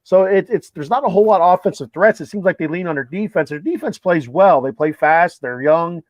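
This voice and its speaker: A man's voice: high voice, lively intonation, a little fast, dry recording. Chatty man co-hosting a sports show. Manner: chatty, with frequent restarts and filler words. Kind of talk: casual sports talk. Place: home room, with a TV playing a ballgame behind. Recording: dull, dry lo-fi audio.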